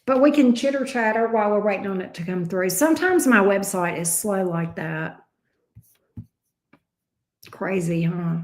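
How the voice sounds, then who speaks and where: A woman's voice: medium pitch, animated, moderate pace, long pauses, darkish tone. A woman with a Southern US drawl, chatting casually with viewers as a tarot reader hosting a livestream and calling them pet names. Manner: chatty, uses endearments like babes and love bug. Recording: echoey room sound.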